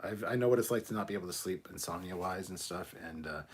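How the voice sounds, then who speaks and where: A man hosts a loose live stream, reading out viewer comments while drinking rum. His husky, low voice rambles casually through his stories, and he swears freely. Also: quick pace. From Canada.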